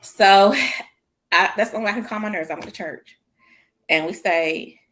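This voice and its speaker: A woman telling a story in casual chat, animated and laughing often, acting out her own words in a higher voice. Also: normal speed. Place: small church show studio.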